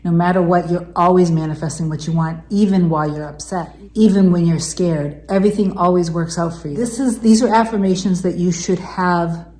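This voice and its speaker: A woman's voice: on the low side, a little mellow, echoey room. A woman coaching viewers in a heartfelt motivational talk, repeating affirmations in an earnest, emotional way. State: tearful, emotional. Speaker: manifestation coach.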